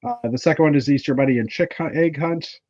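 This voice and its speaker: A man's voice: fairly high pitch, fast talker, a little mellow, no room sound, lo-fi sound. A man from Canada hosting a casual livestream chat, rambling with lots of fillers and restarts. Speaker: livestream host.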